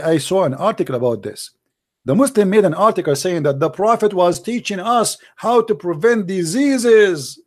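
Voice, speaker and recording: A man's voice: fairly high pitch, a little mellow. A man giving mocking commentary, sarcastic and mock-incredulous. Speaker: debater hosting a call-in style talk.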